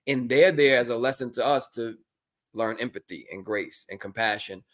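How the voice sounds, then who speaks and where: A man's voice: mid-range voice, normal speed. A man co-hosting a podcast, talking casually and acting out quoted lines in exaggerated voices. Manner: animated storytelling, acts out quotes in exaggerated voices. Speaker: podcast co-host. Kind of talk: casual conversational talk.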